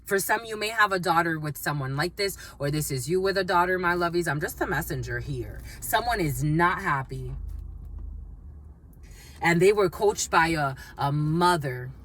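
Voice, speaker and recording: A woman's voice: lowish voice, expressive, normal speed, a bit bright. Blunt, emphatic woman reading tarot. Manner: blunt and emphatic, swears freely, repeats phrases. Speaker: tarot reader. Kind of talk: channeled tarot reading to camera.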